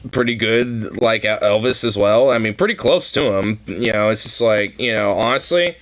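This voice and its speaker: A man's voice: on the low side, moderate pace, fairly bright tone, a little hiss or hum, low-quality recording. A man chatting casually while reacting to a trailer, rambling with frequent fillers and giggles.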